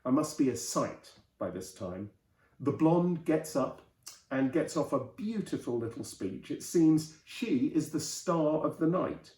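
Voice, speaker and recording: A man reading an old novel aloud in a lively storytelling manner, his voice mellow and warm. The recording is roomy, with a clear echo around him. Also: a little high, a little slow. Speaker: host and reader.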